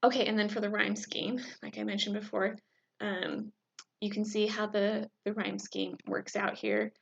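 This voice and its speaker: A woman gives a recorded lecture in a gravelly voice with plenty of vocal fry. She explains step by step, filling pauses with ums and uhs. The sound is dull and lo-fi. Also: medium pitch, level tone. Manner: explanatory, many fillers, chants the rhythm aloud. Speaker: instructor.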